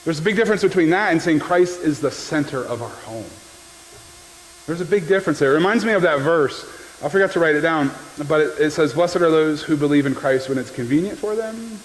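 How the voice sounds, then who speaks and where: Joking pastor in a reverberant hall. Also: male voice, a little high, lively intonation, fairly quick. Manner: conversational and joking, often checks in with "right?". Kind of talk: sermon. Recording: long hall reverb with faint background noise.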